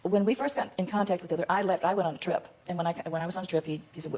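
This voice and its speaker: A woman's voice: on the low side, fairly even intonation, rapid-fire, few pauses, darkish tone. An older woman, a guest on a TV talk show, giving earnest answers to the host's questions.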